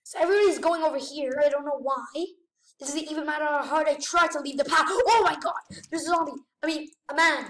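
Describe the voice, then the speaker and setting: Excitable high-voiced woman gaming. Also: brisk, echoey room, recorded from a distance. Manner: excitable, gasping, exclaiming. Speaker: gamer. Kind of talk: gameplay commentary.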